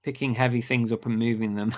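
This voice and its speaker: A British man hosts a casual live stream, reading viewer comments aloud and answering them in an easygoing, chatty way. His voice sounds a little worn, as he is losing it. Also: medium pitch. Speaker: livestream host.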